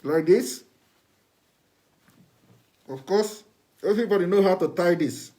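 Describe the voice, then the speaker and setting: A man's voice: high-pitched, a little slow, warm tone. A man giving a repetitive, instructive demonstration to viewers in a live broadcast. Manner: repetitive, instructive, plain spoken.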